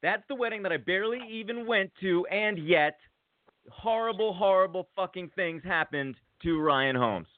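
A man's voice: high voice, expressive, moderate pace, no room sound. A man casually telling a story in a rambling, hesitant way. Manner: rambling, hesitant, with fillers and restarts. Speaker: guest. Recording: dry, phone-like sound.

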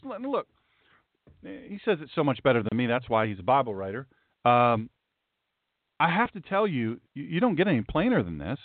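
A man's voice: mid-range voice, sing-song, normal speed, no room sound. A man who hosts a show as a pastor, teaching scripture in a folksy, emphatic way and talking straight to his viewers. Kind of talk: livestream Bible teaching. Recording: tinny phone-like dry sound.

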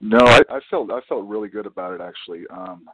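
A man, an actor guest on a podcast, talking in a loose, self-deprecating way with lots of fillers and a husky voice. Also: lowish voice, quick pace, fairly bright tone, dry recording. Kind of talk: podcast interview. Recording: tinny phone-like audio.

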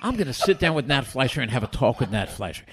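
An older man, a guest telling animated stories from his past and acting out other people's lines. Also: mid-range voice, fast talker, slightly rough. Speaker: interview guest. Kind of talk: storytelling in a podcast interview.

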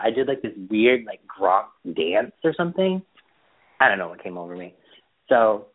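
A man chatting casually as a podcast co-host, telling animated stories about his weekend. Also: medium pitch. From Boston area. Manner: chatty storyteller, animated retellings. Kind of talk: casual chat. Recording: tinny phone-line audio.

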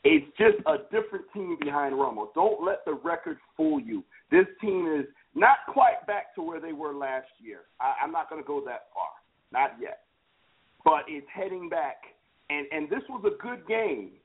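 A man hosting a casual sports talk show, animated and teasing, speaking with emphasis. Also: on the high side, moderate pace, slightly rough. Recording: phone-like lo-fi line.

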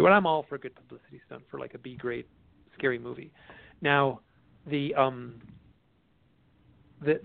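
A man with a gravelly, fry-tinged voice tells a long story on an interview show. He rambles with animation and restarts his sentences often. The sound is tinny like a phone line, and dry with no room echo. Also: mid-range voice. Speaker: author and guest expert.

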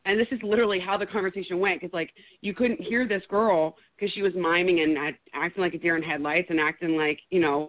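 A woman guest telling a first-hand story in a lively way, acting out her own words loudly. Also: lowish voice, a little fast, few pauses. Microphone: phone call. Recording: tinny phone line.

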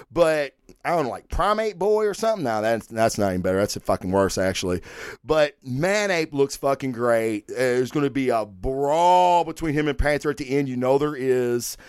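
A man hosting a casual comic book show. He sounds brash and rambling, swears constantly, and his voice is a bit high and smooth. The sound is dry and close. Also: no room sound. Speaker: podcast host. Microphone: studio microphone.

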